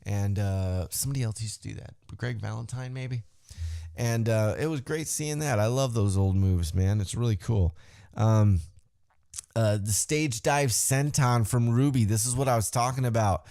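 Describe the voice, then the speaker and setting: A man hosting a podcast, recapping a wrestling show in a casual, profane way and acting out the wrestlers' lines in a higher voice. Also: normal speed, gravelly, a little mellow, dry recording, clean studio sound. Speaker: podcast host.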